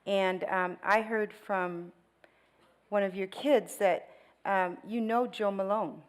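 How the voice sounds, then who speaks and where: A middle-aged woman with a medium-pitched voice talks slowly, captured in a low-quality recording. As a guest speaker in a church, she tells a personal story vividly, laughing and putting on voices for quotes.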